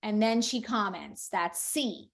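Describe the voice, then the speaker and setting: A woman's voice: mid-range voice, expressive, takes it slowly, gravelly. A woman explaining a book-reading method to parents in a patient, instructional way, acting out short read-aloud examples. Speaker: speech-language educator.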